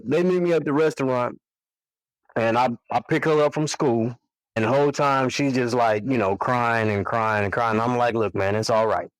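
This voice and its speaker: Storytelling man, casual and animated. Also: medium pitch, no room sound, poor audio. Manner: relaxed, animated storytelling with quoted dialogue. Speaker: podcast guest, single father.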